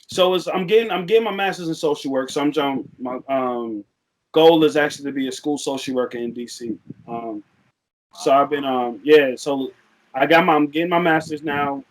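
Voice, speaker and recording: A man's voice: a little high, normal speed, low-quality recording. Easygoing young man chatting casually. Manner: relaxed, rambling with many fillers. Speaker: podcast guest. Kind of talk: casual interview chat.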